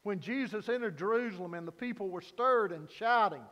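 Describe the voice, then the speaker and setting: Pastor, male, high voice, unhurried delivery, earnest sermon in a reverberant sanctuary. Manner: earnest preaching, rising to loud emphasis then dropping low. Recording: long hall reverb.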